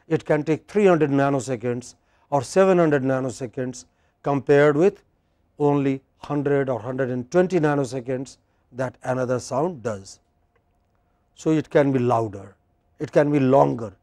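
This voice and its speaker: A man with an Indian English accent teaching a university class, speaking slowly and emphatically and quizzing his students. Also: medium pitch, a little mellow, no room sound. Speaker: lecturer. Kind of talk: classroom lecture.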